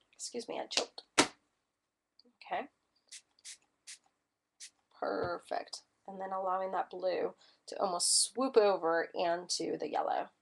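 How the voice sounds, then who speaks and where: A woman's voice: on the low side, sing-song, slow pace, creaky, long pauses, a little hiss or hum. A woman teaching a live-streamed mixed media art class, chatty and enthusiastic as she demonstrates. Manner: chatty and enthusiastic, gushing over colors.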